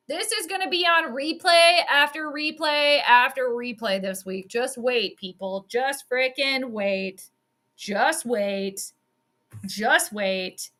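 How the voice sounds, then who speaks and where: A woman giving casual, excitable live play-by-play at home. She chats, swears freely and laughs often. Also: fairly high pitch, slow. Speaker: sports commentator and astrologer. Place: at home in the evening.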